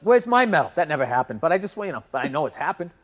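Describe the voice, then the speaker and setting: A man in his fifties co-hosting a casual comedy podcast, ranting loudly and profanely and acting out the people in his stories. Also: fairly high pitch, lively intonation, racing. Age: 50s. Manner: ranting, loud, profane, acts out other people's voices. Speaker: podcast co-host.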